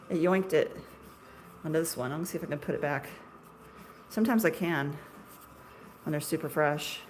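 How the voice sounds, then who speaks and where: A middle-aged woman who owns a shop chats casually on a livestream, self-deprecating and laughing often. Her voice is fairly low, with a little hiss or hum in the audio.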